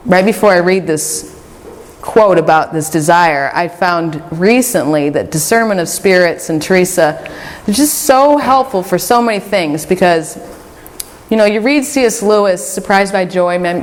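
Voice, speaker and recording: Woman retreat speaker, lowish voice, candid and chatty, long hall reverb. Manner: candid, conversational storytelling with fillers. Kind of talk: spiritual talk to a group.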